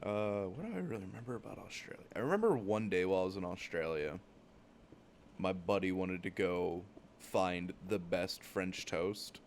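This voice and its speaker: A young man from the United States tells loose travel stories while he plays a game. His voice sits very low, and he rambles, swears freely and leans on "like" as filler. A faint hiss runs under the recording. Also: moderate pace. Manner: rambling, profane, many "like" fillers. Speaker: gaming channel host. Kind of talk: casual storytelling while gaming.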